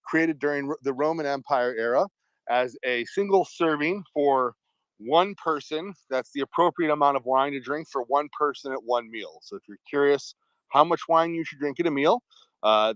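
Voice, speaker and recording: A man's voice: mid-range voice, no echo. Matter-of-fact man in panel chat. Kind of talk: casual panel banter.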